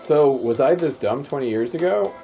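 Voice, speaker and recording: A man's voice: medium pitch, lively intonation, moderate pace, vocal fry. Man, podcast co-host, dry wisecracks, reads game text aloud, muffled lo-fi sound, faint music. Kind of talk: casual chat while reading a game aloud.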